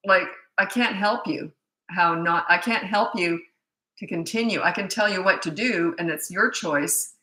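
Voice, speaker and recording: A middle-aged woman parenting coach answers questions in a live Q&A. Her voice is lowish and very bright, and her talk is blunt, candid and chatty. The room around her sounds echoey. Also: unhurried.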